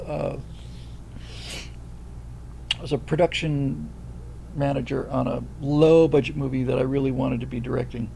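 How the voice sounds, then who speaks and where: A man's voice: mid-range voice, creaky, warm tone, a little hiss or hum, rough recording. A man hosting a livestream, chatting casually and telling rambling anecdotes. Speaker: host.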